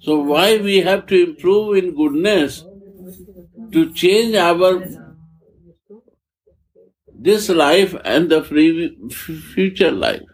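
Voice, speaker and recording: A man speaks as a spiritual teacher, unhurried and deliberate, with long pauses between phrases. His voice sits a little high for a man and carries a gravelly, creaky texture. His English is halting, and he often repeats or restarts a phrase before finishing it. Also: animated, poor audio. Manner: halting, repetitive non-native phrasing. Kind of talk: spiritual discourse.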